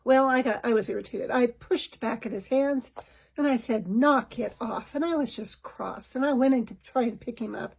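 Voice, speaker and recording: A woman telling a personal family story in a candid, reflective, self-examining way, now and then clearing her throat. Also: on the high side, normal speed, a little mellow, a little hiss or hum, low-quality recording. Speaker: podcast host.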